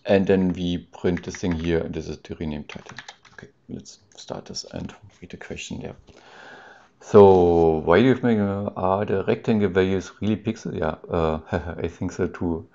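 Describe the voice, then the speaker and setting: Deep gravelly man thinking aloud. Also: normal speed, warm tone. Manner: thinks aloud, hesitant, with many ums and restarts; reads out and answers chat questions with amusement. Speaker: streamer coding live. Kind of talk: casual live-coding stream commentary. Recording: dull lo-fi stream audio.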